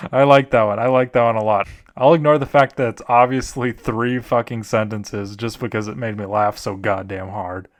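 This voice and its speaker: A man's voice: lowish voice, steady tone, normal speed, few pauses. A young man hosting, reading aloud short stories in a casual way with frequent swearing and laughing at what he reads. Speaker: host. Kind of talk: comedic story reading.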